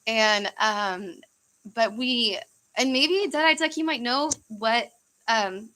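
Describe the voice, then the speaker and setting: Her voice is on the high side, pushed and bright, and she takes her time speaking. This young woman from the United States hosts a livestream, chatting casually with lots of fillers and easy laughter. The recording sounds rough.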